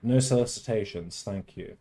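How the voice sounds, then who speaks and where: A man hosting a casual game livestream, talking theatrically and swinging from loud outbursts to mock-tender murmurs. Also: on the low side, moderate pace, background noise. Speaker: livestream host. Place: at home.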